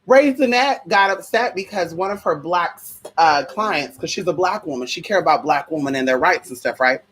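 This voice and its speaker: Animated, husky-voiced ranting woman. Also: on the low side, moderate pace. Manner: profane, heated, sassy; repeats rhetorical questions. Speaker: vlogger. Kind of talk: ranting monologue to viewers.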